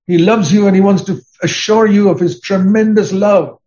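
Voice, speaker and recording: A man's voice: high-pitched, fairly even intonation, moderate pace, warm tone. An older man preaching a sermon in an earnest, emphatic way, weaving in personal stories. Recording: dull lo-fi recording.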